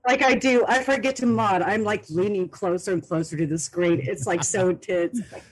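A woman who moderates a stream's chat, talking in an animated, excitable way and laughing often. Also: medium pitch, moderate pace. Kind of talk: casual chat.

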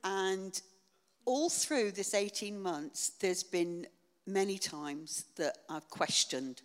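An older woman giving a personal church testimony in an earnest, halting way with many pauses and fillers. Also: medium pitch. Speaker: church member sharing testimony. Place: church hall. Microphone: shared handheld mic. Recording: echoey church hall.

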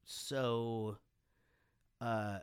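A man's voice: mid-range voice, drawn-out words, clear, resonant tone, no echo. Tipsy guy telling stories, swears a lot, does the voices, dry room. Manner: animated, swearing, acts out quotes. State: drunk. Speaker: podcast host and band frontman. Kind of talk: casual storytelling chat.

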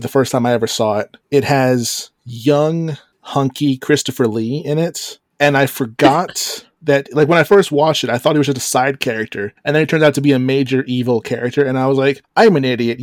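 A man's voice: medium pitch, no echo, clean studio sound. A man hosting a horror podcast, chatting casually and laughing as he talks. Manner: chatty, laughs while talking. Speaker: podcast host.

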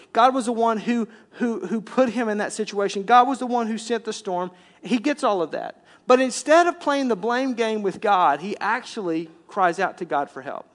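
Male pastor, high-pitched voice, delivering an animated sermon with hushed emphasis. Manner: animated preaching, dropping to a hush for emphasis; acts out complaining voices.

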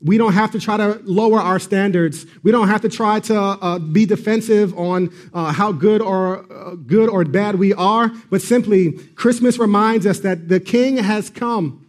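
High-voiced earnest man preaching. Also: a little slow, few pauses. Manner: earnest, repetitive emphatic preaching with fillers. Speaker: pastor. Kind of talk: sermon.

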